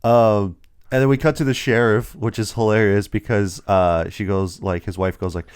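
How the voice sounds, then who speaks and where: A man's voice: fairly low pitch, fairly even intonation, normal speed, darkish tone, smooth. A young man hosting a casual movie review podcast, retelling scenes with quoted voices. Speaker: podcast host.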